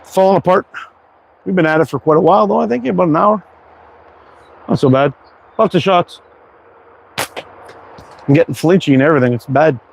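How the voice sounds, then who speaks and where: A middle-aged man casually chatting on a livestream as he shoots, relaxed and self-deprecating. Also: on the high side, a little fast, creaky, pauses often, slight background noise, poor audio. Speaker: slingshot livestream host. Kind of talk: casual live-stream chat while target shooting.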